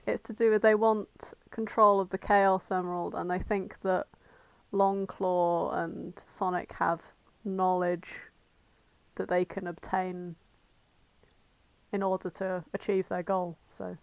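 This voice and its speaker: Woman podcast host, mid pitch, chatty storyteller, dry close mic. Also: level tone, slow pace, smooth, no echo. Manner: chatty, giggly storytelling, casual swearing. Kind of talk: casual fanfic review chat.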